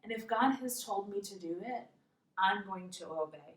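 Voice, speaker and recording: A woman voicing a calm, resolute adult male apostle in a plain, steady way, heard in an echoey room from a distance. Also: mid-range voice, normal speed, natural voice. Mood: reassuring. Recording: roomy echo, mic far off.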